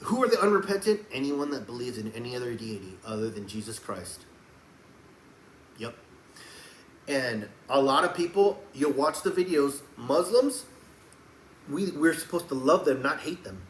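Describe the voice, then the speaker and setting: A man's voice: medium pitch, very animated, moderate pace, long pauses. Fiery preacher man in an echoey room. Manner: fiery, swings between shouting and soft, hushed tones. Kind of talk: sermon. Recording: echoey room with faint background noise.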